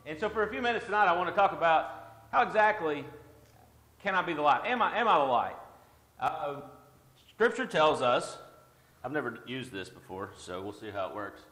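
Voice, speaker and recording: A man's voice: on the high side, expressive, moderate pace, long pauses, fairly bright tone. A man giving an informal church devotional in a conversational, self-deprecating way, with jokes at his own expense. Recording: echoey hall with long reverb.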